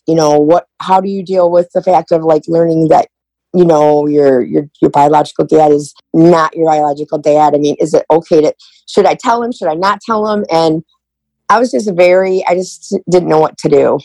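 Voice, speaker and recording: A woman's voice: on the low side, darkish tone, no echo, rough recording. A middle-aged woman as a podcast guest, telling a personal story with candid emotion and often acting out past conversations.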